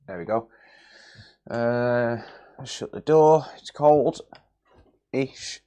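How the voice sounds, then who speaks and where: A man hosting a casual repair livestream, greeting viewers by name in a relaxed, jokey way from a cluttered home workshop. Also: medium pitch, very slow, smooth. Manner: relaxed, jokey, reads chat names aloud.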